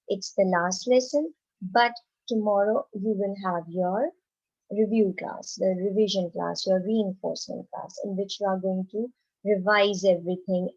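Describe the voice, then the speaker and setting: Slow, encouraging woman teacher. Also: mid-range voice, a little mellow, dull audio. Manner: encouraging, asks and answers her own questions; reads example sentences very slowly and clearly. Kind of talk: slow, simple classroom lesson for young children.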